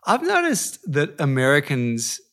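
A man's voice: a little high, wildly swooping pitch, unhurried, a bit bright. A man who teaches yoga, a guest in a casual interview, speaking thoughtfully and often restarting his sentences.

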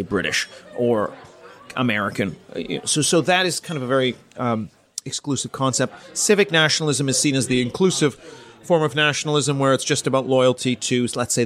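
A middle-aged man from Canada, a politics professor answering interview questions in a measured, explanatory way, thinking aloud with fillers and restarts. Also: mid-range voice, a bit bright.

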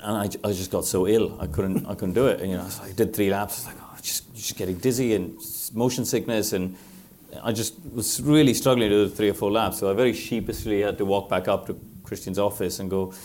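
Middle-aged man, low voice, quick lively anecdotes on a panel, laughs a lot. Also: slight background noise. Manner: animated storytelling, laughs often. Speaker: former racing driver speaking on a panel. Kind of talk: live panel talk, anecdotal.

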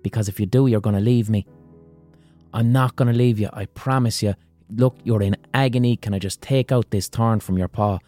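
A man's voice: fairly low pitch, moderate pace, warm tone, faint music behind, close to an everyday voice. A man voicing a wounded lion in a cave, stubborn and volatile, who hurls defensive, swearing outbursts. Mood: clingy.

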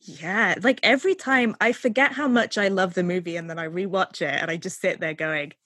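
A woman co-hosting a podcast in casual film chat, animated, laughing often and trailing off mid-sentence. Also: medium pitch, brisk, no room sound, studio quality. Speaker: podcast co-host.

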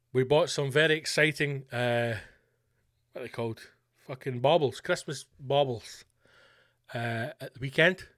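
A Scottish man holds forth in a comic podcast monologue, swearing freely and building into mock campaign-speech bluster. His voice sits a little higher than most men's. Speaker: podcast host. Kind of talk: comedic monologue. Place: home room.

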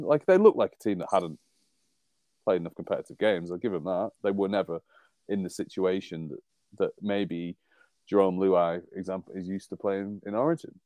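Deep, dark-voiced Englishman chatting wryly. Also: no room sound. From England. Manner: rambling, wry, laughs at his own jokes. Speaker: podcast co-host. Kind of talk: casual sports chat.

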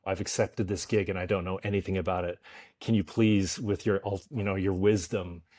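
Canadian guest actor, low voice, easygoing and self-deprecating, quick to laugh. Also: male voice, steady tone, darkish tone. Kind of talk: casual interview chat.

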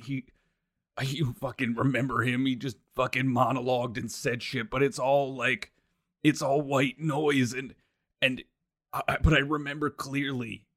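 A man playing a guilt-ridden young adventurer in a tabletop game, rambling with halting restarts and frequent swearing. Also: medium pitch, pushed and bright, dry recording, studio quality. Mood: remorseful. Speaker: player. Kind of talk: in-character tabletop role-play.

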